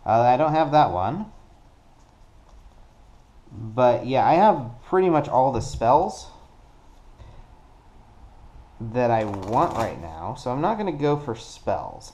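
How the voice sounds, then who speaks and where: A man casually narrating a solo card game play-through, working things out deliberately and counting dice aloud. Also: medium pitch, sing-song, warm tone, a little hiss or hum. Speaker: board game player.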